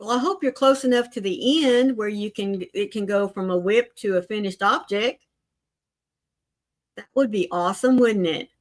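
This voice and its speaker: An older woman hosting a casual crochet livestream, chatting warmly with viewers and greeting them by name. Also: mid-range voice, moderate pace.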